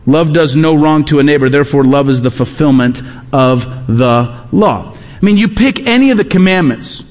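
A man's voice: a little high, animated, normal speed, a little mellow, long reverb tail. A man preaching a sermon, emphatic and repeating his key phrases. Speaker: pastor.

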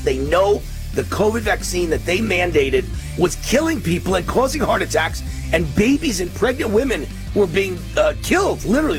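A man's voice: on the high side, poor audio. Fiery ranting talk radio man. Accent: New York. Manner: fiery, emphatic, ranting delivery. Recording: music bed underneath.

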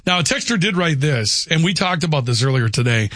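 A man's voice: on the high side, expressive, fairly quick, fairly bright tone, no echo. A man hosting a radio show, teasing his co-host and reading listener texts aloud. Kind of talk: sports radio chat.

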